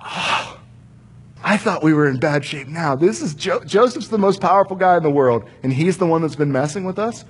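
Man as anxious brothers in a Bible retelling; husky, lively pitch. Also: normal speed. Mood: stunned. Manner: anxious, protesting. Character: group of panicked adult brothers.

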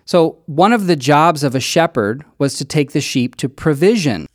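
A man's voice: fairly high pitch, lively intonation, normal speed, dry recording, studio quality. A man preaching a sermon in a conversational, earnest way, with emphatic stresses as he works through a passage. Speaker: pastor.

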